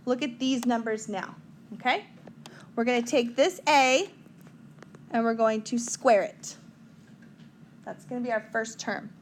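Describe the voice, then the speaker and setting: A woman's voice: a little high, a little slow, pauses often, a little hiss or hum. A woman teaching a math lesson at a whiteboard in a chatty, joking way, talking to her students.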